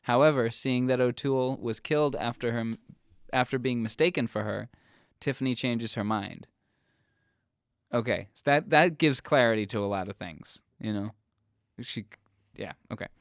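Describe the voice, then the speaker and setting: A man's voice: medium pitch, moderate pace, gravelly, clear, resonant tone, no room sound, clean studio sound. A man co-hosting a film podcast, reading out a plot summary and teasing his friends in a mock-offended way. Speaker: podcast co-host.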